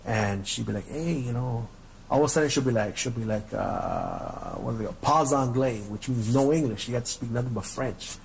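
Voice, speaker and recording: A man's voice: on the low side, a little fast, gravelly, few pauses, a little mellow, a little hiss or hum, rough recording. A middle-aged man hosting a podcast, telling stories in a casual, profane, rambling way and repeating his words. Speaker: podcast host. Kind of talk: casual storytelling rant.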